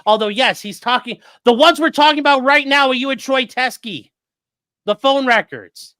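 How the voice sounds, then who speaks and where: A man, a guest on the show, chatting casually and telling animated stories. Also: very high-pitched, moderate pace, no room sound, clean studio sound. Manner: animated storyteller, swears freely. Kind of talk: casual chat.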